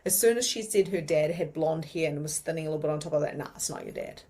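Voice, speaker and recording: A woman with a New Zealand accent teaching mediumship in a chatty, animated way, with many fillers. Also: low-pitched, fast. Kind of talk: casual teaching monologue.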